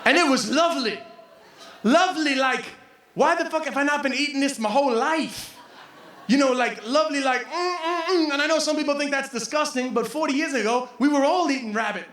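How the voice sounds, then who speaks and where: High-pitched, animated stand-up comedian man. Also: brisk. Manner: animated, laughing, crude. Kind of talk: stand-up storytelling. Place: comedy venue stage. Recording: roomy live venue from a distance.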